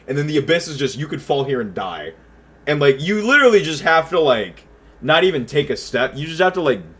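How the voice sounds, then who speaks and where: A young man livestreaming from home, telling a rambling story to his chat with stuttered restarts and lots of swearing. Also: mid-range voice. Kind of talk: casual storytelling while chatting with viewers.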